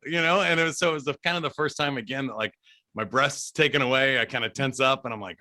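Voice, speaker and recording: A man chats as a podcast guest, telling long stories from his days as a DJ. He talks in an animated way and laughs often. His voice is very bright and forceful, with an ordinary pitch. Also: normal speed. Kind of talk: casual storytelling interview.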